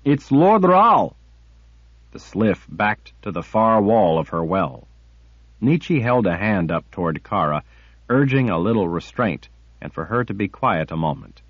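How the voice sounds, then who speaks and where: A man narrating a fantasy audiobook with measured, dramatic storytelling. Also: deep voice, expressive, breathy edge, dry recording. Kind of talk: scripted narration. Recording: dull lo-fi audiobook recording.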